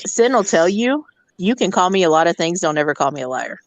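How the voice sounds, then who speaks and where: A blunt woman with a slightly low voice tells a hotel story in a casual, profane rant. Her voice sounds close and dry, with no room around it. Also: a little fast, dry recording. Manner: blunt, profane, animated retelling. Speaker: hotel district manager.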